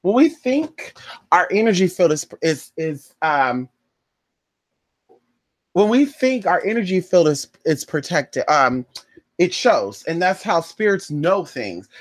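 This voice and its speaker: Woman, casual vlog storytelling, gossipy, very lively pitch, mimics other voices, dry close recording. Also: a little slow, dry recording. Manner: animated, acts out other people's voices, addresses viewer as "girl" and "honey". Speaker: spiritual reader and vlogger.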